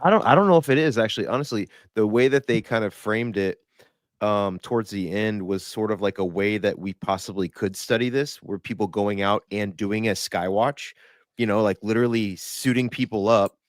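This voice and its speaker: A man co-hosting a livestream, riffing in an animated, rambling way. His voice sits fairly low, and the call audio is dry and close with no room sound. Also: moderate pace, dry recording. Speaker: livestream co-host. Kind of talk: casual chat.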